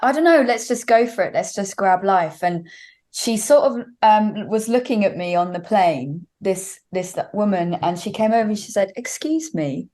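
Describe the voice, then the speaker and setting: A woman's voice: mid-range voice, moderate pace, a little mellow. A young woman singer, a guest on an interview show, telling a story at length with many fillers. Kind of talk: casual interview chat.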